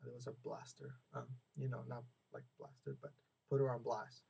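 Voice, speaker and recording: Young american guy venting on a vlog, gravelly low-key voice, rambles and restarts a lot. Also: level tone, moderate pace, mellow, rough recording. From United States. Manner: rambling, repeats and restarts words, acts out quoted people. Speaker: vlogger. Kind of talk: casual venting monologue.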